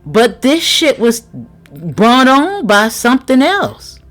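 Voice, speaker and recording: A woman's voice: a little high, very animated, takes it slowly, fairly bright tone, soft background music. A woman giving a casual, frank tarot reading commentary, chatting, swearing freely and laughing often. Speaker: tarot reader.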